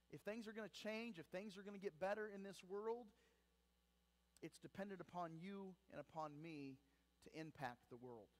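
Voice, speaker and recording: Male pastor, slightly high voice, animated sermon delivery, long church reverb. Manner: animated preaching with emphatic rises and sudden quiet drops. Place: church sanctuary.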